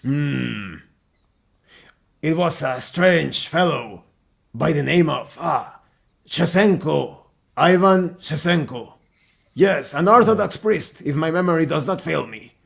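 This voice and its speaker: A man playing a courteous, halting old veteran. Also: a little high, animated, vocal fry, exaggerated voice. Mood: hesitant. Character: polite, hesitant old male veteran.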